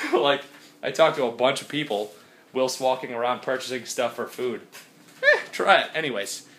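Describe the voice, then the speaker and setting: A young man in his twenties chatting casually in a vlog, rambling and laughing often, with sudden loud high jumps in his voice. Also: moderate pace, background noise. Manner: excitable, jumps high and loud when calling his dog. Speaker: vlogger.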